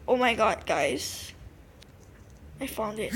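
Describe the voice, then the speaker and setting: Excitable high-voiced woman gaming. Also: moderate pace, very noisy. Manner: excitable, gasping, talks to viewers. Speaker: gameplay narrator. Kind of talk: casual gameplay commentary.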